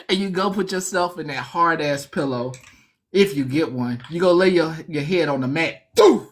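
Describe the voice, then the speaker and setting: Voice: medium pitch, moderate pace. A comic storyteller telling a jail story in a casual, conversational way. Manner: animated, conversational, laughs often.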